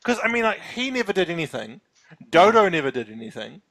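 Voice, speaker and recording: A man with a slightly higher voice chats casually as a podcast co-host. He is animated and keeps slipping into acted-out quotes with laughing asides. It is an easygoing conversation between friends. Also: brisk. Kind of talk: casual chat.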